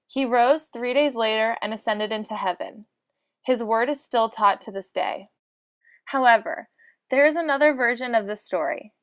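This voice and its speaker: A woman reads a comic storybook in mock-solemn lolcat speak. Her voice sits a bit high. The recording is dry and close, with no room sound. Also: normal speed, a bit bright, no room sound. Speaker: narrator.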